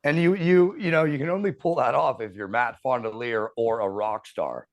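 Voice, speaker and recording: A man in his thirties telling a profane, animated story as a podcast host in casual chat. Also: mid-range voice, normal speed.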